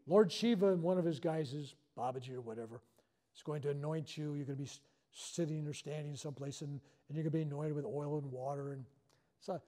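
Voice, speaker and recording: A man with a slightly high, warm voice leads a spiritual workshop. He tells a live audience a personal story, joking and running himself down.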